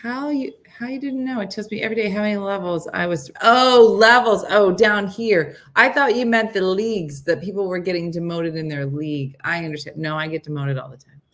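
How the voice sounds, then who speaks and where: A middle-aged woman with a somewhat low voice hosts a relaxed morning live stream. She chats in a loose, rambling way and answers her viewers' comments as she goes. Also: fast talker, hardly any pauses. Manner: chatty and rambling, reads viewer comments aloud. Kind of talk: casual chat with viewers.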